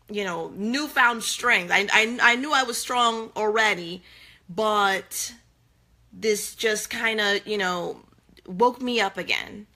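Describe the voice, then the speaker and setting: A woman speaks slowly and earnestly, as if talking straight to her viewers. Her voice is bright and forward. She is casual and chatty, with plenty of fillers and restarts, and she repeats her main points to drive them home. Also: fairly high pitch. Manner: earnest, repeats phrases for emphasis; conversational with many fillers and restarts. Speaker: faith-based motivational speaker. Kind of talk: casual encouraging talk to viewers.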